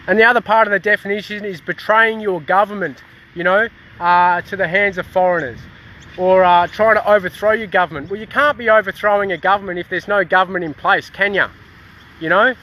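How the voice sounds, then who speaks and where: A man's voice: high voice, a little fast, sharp tone. An Australian man in a casual activist rant, heated and swearing, with many restarts, recorded outdoors in a town.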